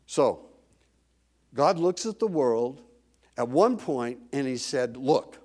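A man preaching a sermon, reading scripture dramatically and telling a lively personal story. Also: mid-range voice, slow pace.

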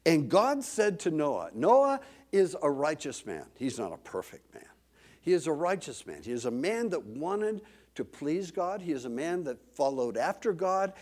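Animated man preaching a sermon. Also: on the high side. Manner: animated storytelling, dramatic reading of scripture.

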